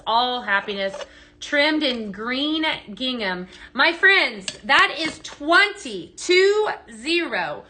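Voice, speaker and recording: A woman's voice: a little high, bright, forceful tone. A woman hosting a live product sale, chatting in an upbeat way with many fillers and tag questions as she shows items at a table. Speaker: live sale host for a home fragrance brand. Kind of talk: live shopping demo.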